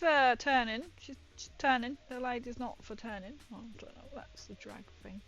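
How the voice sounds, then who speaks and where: A woman's voice: a little high, normal speed, fairly bright tone, soft background music. A woman chatting casually as she paints miniatures, rambling and swearing now and then. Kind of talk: casual chat while painting.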